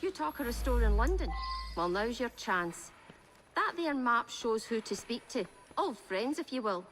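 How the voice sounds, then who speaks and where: A woman's voice: a little high, sing-song, moderate pace, over music. An actress voicing a shrewd, blunt older woman who drives a train in a game, speaking in a Scottish accent with folksy, old-fashioned turns of phrase. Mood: persuasive. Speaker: game character.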